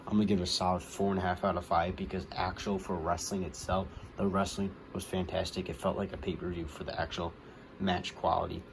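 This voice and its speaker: Briskly and with hiccups, a low-voiced man rambles through a wrestling recap for his vlog, leaning on fillers such as "like" and "um." Big moments get him worked up, and clear background noise persists the whole time.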